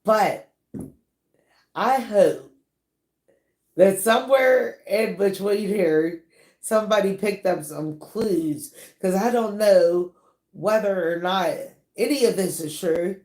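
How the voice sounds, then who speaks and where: A woman hosting a celebrity gossip channel, chatting casually in an animated way, laughing often and drawing out her words. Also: medium pitch, slow, long pauses, echoey room. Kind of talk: casual commentary.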